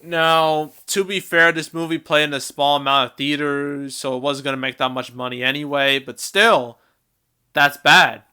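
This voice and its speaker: A man with a bright, crisp and smooth voice talks through a casual commentary on movie earnings. He sounds animated and chatty, breaks into laughter often and trails off into fillers now and then. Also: a little high, normal speed. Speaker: movie box office commentator.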